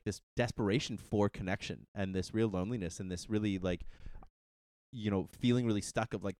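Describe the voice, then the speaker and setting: A podcast host in his thirties, chatting candidly and laughing often, with self-deprecating humor and sudden jumps up in pitch when excited. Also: clear, resonant tone, no room sound, clean studio sound. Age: 30s. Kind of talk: casual chat.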